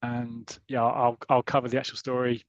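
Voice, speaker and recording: A man hosting a podcast chats through a comic story, stopping and restarting as he goes. He reads short passages aloud at a middle pitch. The sound is dry and close. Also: monotone, moderate pace, no room sound, muffled recording. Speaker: podcast host. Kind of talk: casual podcast chat, retelling a comic story.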